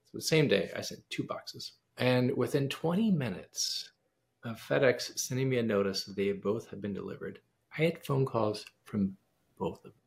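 Man, gravelly voice, mid-range pitch, casual interview storytelling, acts out quoted dialogue. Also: normal speed. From United States. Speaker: pianist and composer, guest.

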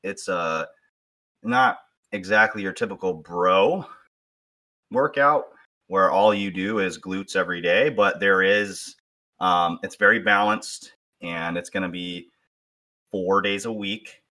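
Deep, bright-voiced male fitness coach. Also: takes it slowly. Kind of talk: casual chat.

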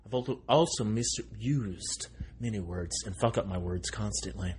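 A man in his thirties in a rambling comic monologue, excitable and sarcastic, with a tone he calls aggressive. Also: takes it slowly, slight background noise. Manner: excitable, sarcastic, jumping pitch swings; self-described aggressive tone.

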